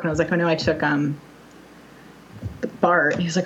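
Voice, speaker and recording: A woman's voice: low-pitched, fast talker, a little hiss or hum. Rambling young woman with dull lo-fi sound. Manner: rambling, filler-heavy storytelling with wry acted quotes. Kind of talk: casual chat.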